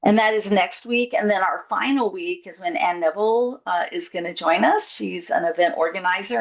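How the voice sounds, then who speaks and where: A woman's voice: fairly low pitch, creaky. Upbeat woman coaching over a call. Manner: upbeat, encouraging, chatty with fillers. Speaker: workshop coach. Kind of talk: online group coaching session. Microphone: video call. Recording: dull lo-fi call audio.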